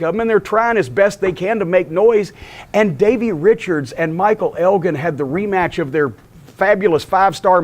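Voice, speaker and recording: An older man with a high, reedy voice tells a backstage war story with exasperated energy. He swears constantly and snaps into quoted dialogue, and his delivery stays lively and profane throughout. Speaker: wrestling promoter telling stories.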